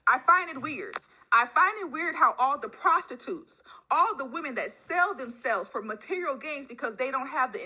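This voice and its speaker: A woman's voice: high-pitched, sharp tone, slightly rough, lo-fi sound. A woman speaking emphatically and with scorn in an opinion clip.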